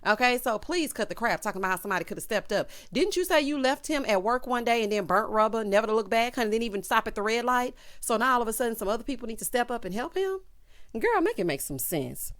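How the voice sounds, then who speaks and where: A woman's voice: fairly high pitch, expressive, fast, a bit bright. A woman recapping a reality show in sassy, sarcastic casual talk, calling listeners honey and child and mocking the cast in exaggerated voices.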